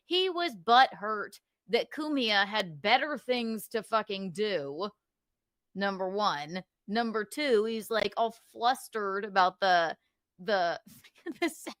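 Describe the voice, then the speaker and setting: A woman's voice: a little high, a bit bright, no echo, clean studio sound. A woman in heated casual podcast chat, retelling a story in a profane, defensive and rambling way.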